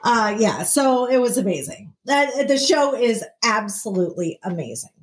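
A woman's voice: fairly high pitch, lively intonation, normal speed. A woman co-hosting a casual chat, playful and jokey, often laughing at her own lines. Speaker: podcast co-host.

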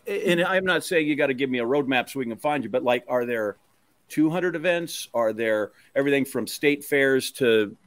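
A man's voice: mid-range voice, expressive, normal speed, no room sound. A man co-hosting a talk show, asking questions and teasing his co-host in a rambling, joking way. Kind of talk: casual interview chat.

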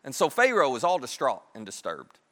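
A man preaching a sermon, retelling a Bible story in a lively, conversational way and acting out the characters' lines. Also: medium pitch, brisk, long reverb tail.

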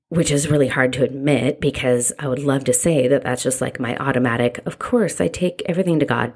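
A woman, a mother, telling her own story in a candid, reflective way, halting and restarting as she goes. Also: a bass voice. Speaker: mother sharing a personal story. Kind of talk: candid personal testimony.

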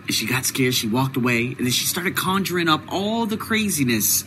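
A man's voice: medium pitch, big pitch swings, moderate pace, few pauses, pushed and bright, slight background noise, poor audio. A man hosting his own video series, talking through a casual vlog monologue, emphatic and repeating words for stress. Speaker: video host.

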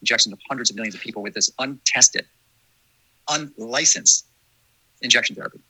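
Male host, quick earnest delivery, husky bright tone, dry close sound. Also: mid-range voice, no room sound, rough recording. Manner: earnest, emphatic, with restarts. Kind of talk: casual discussion.

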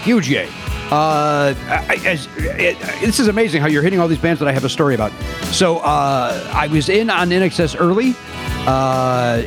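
A middle-aged man telling rambling stories on a remote podcast, stumbling and correcting himself, acting out quotes with gusto. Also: fairly high pitch. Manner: rambling, self-correcting, animated quoting. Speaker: podcast guest. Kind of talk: casual storytelling chat. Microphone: remote podcast mic.

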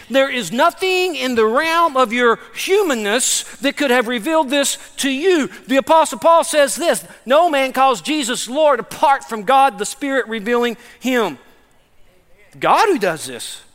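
A high-voiced pastor preaches an emphatic sermon, swinging from hushed asides to loud declarations. He keeps it informal, calling listeners "man". A long reverb makes his voice ring out as if in a big hall.

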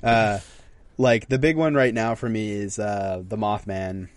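A young man co-hosts a podcast, chatting casually and rambling through stories while constantly restarting his sentences. His voice is lowish with fairly even intonation, a little slow, and there's no echo.

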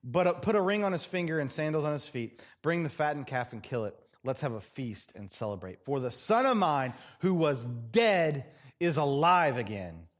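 A male pastor preaches in a church with a lively, wide-ranging voice that sits a little high. He is dramatic and swings from loud, emphatic phrases to hushed, near-whispered lines. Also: moderate pace, hardly any pauses. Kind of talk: sermon.

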